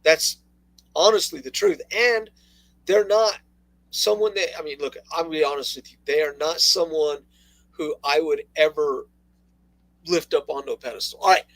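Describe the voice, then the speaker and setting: Talk radio co-host, male, high pitch, dry close sound, sarcastic and animated. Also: moderate pace, no echo, rough recording. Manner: animated, laughing, sarcastic asides. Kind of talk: casual political radio talk.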